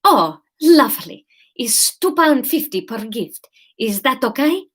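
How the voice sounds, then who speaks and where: A woman's voice: high voice, very animated, unhurried, a bit bright, husky, pitched above the performer's own voice, full character voice. A woman voicing an apologetic female bookshop assistant, putting on a hesitant Spanish accent that drifts toward Italian. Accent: put-on Spanish, drifting toward Italian.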